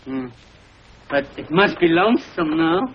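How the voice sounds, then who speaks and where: An actor playing a kindly, excitable older family man with an animated, chuckling delivery. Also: fairly high pitch, a little slow, slightly rough. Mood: hesitant, gentle. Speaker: family father and uncle. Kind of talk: 1950s TV sitcom acting. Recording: dull lo-fi 1950s TV audio with faint hiss.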